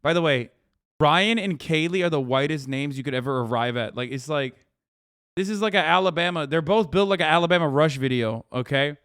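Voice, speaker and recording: A man streaming live, reacting to clips with profane, mocking, animated commentary. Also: on the high side, brisk, clean tone, no echo, studio quality. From United States.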